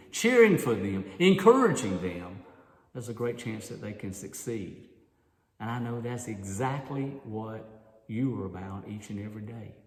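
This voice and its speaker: Man, lively storyteller, speaker at a conference, engages the audience, echoey hall, long reverb. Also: mid-range voice. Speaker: speaker at a volunteer leader conference. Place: large hall.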